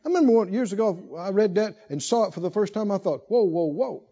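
A man preaching a sermon, shifting from low asides to loud shouted climaxes and stretching out emphatic phrases. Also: highs cut off. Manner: drawls emphatic phrases slowly.

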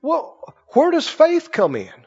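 A man preaching with a high, lively voice that swoops up and down as he tells folksy stories to his congregation. The recording is dull and lo-fi, and his voice rings in a long hall reverb. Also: slow pace, vocal fry. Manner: folksy storytelling, asks the congregation "Right?". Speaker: pastor. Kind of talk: sermon.

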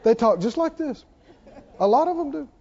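A man's voice: extremely high pitch, lively intonation, normal speed, a little mellow, some chatter behind. A man preaching a sermon who keeps putting questions to his congregation, in a dull lo-fi church recording. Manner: call-and-response preaching, asks the congregation questions.

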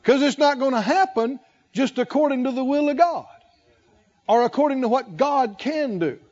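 A man's voice: very high voice, normal speed, a little mellow, highs cut off. A man preaching a sermon as pastor, emphatic and calling out questions for the congregation to answer.

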